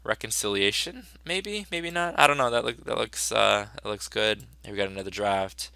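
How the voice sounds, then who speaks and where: A man's voice: on the low side, normal speed, vocal fry, bright, forceful tone, clear, resonant tone, no echo. A man teacher giving a casual, upbeat review of his students' work, chatty and full of fillers.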